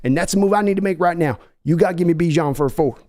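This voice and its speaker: A man's voice: a little high, racing, a little mellow, natural voice. A man doing an impression of a brash, pushy older Texan football team owner, with a put-on Texan drawl in a comedy skit. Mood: pushy, folksy. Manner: folksy, wheedling, bossy drawl.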